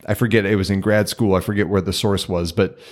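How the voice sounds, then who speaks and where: A man co-hosting a faith podcast, laying out steps toward forgiveness in a measured, teacherly way. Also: fairly low pitch, steady tone. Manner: measured, teacherly, gently emphatic. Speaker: podcast co-host. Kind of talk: reflective teaching in conversation.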